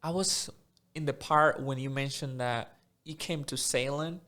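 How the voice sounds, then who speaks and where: A man's voice: mid-range voice, a little slow. A man hosting a podcast interview, asking short questions and murmuring agreement. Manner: brief prompts and soft murmured agreement. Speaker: podcast host. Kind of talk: casual interview.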